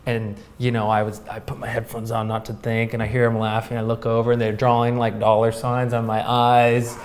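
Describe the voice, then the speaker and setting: A man in his thirties, a guest in a casual interview, telling a story in a lively way with many fillers. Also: medium pitch, fairly quick. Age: 30s. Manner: animated, laughing, filler-heavy storytelling. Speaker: guest, pro snowboarder.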